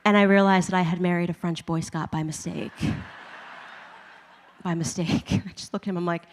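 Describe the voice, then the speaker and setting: A woman commentator telling a personal testimony in a lively way, laughing often and acting out her own reactions. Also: fairly low pitch, moderate pace, in a large hall, a little hiss or hum. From United States.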